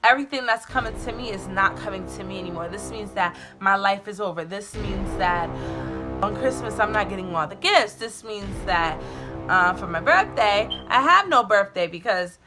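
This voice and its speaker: Over music, a young woman vlogger tells a personal storytime tale in a mid-range, expressive voice at a moderate pace. She's candid and chatty, swearing occasionally and saying "like" a lot.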